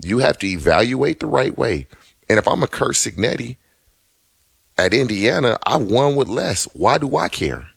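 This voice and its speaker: A man's voice: mid-range voice, sing-song, normal speed, creaky, husky, dry recording, studio quality. A man co-hosting a sports talk show, arguing his points emphatically and repeating himself for effect. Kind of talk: heated casual sports debate.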